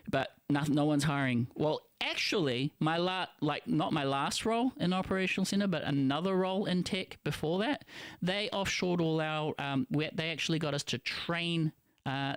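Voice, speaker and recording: A man with a New Zealand accent rambles through a live internet radio show, breaking off and restarting his sentences. His voice sits a bit high for a man, and the sound is dry and close, with no room around it. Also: smooth, no room sound. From Philippines. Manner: rambling, self-interrupting, conspiratorial. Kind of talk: casual live-stream monologue.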